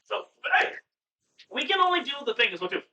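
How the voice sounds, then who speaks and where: A man in casual chat as a podcast guest, rambling and excitable, swearing now and then, on a video call. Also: very high-pitched, quick pace. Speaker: podcast guest, cooking streamer. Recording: far-off, roomy, dull sound with hum.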